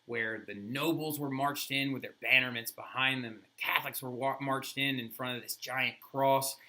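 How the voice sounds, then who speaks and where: A male history teacher giving an animated, casual lecture full of playful asides. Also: mid-range voice.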